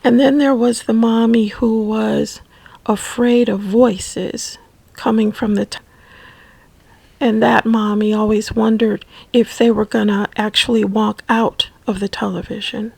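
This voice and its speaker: Slow, husky woman telling a memory. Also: fairly high pitch, flat delivery, no room sound, low-quality recording. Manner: slow, halting, soft-spoken. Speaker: memoir narrator. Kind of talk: personal storytelling.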